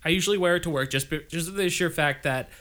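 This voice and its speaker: A man's voice: fairly high pitch, fast talker, sharp tone. Stammering, rambling man in casual chat. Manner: rambling, stammering, laughs often.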